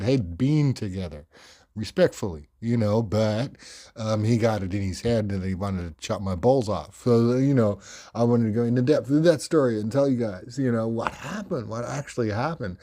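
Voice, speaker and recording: A man with an Australian accent hosting a podcast, telling stories in a projected, animated and carefully clear voice, rambling with many fillers. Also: fairly low pitch, normal speed. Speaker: podcast host. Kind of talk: storytelling monologue.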